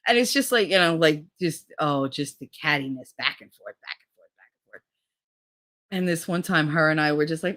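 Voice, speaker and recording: In a casual vlog, a woman tells a gossipy story at normal speed in a fairly bright voice. She curses freely and imitates other people with big jumps in pitch.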